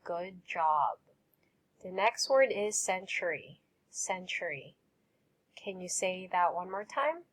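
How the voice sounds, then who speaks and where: A woman teacher giving a vocabulary lesson, enunciating each word carefully and explaining terms simply with gentle praise. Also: lowish voice, animated. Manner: slow, careful enunciation with repeat-after-me drills.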